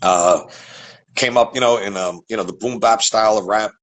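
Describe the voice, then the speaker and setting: A man's voice: fairly low pitch, normal speed, a bit bright, poor audio. A man from Staten Island with a heavy New York accent, a rapper chatting bluntly as a podcast guest over a video call. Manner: blunt, streetwise, swears freely. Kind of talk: casual chat.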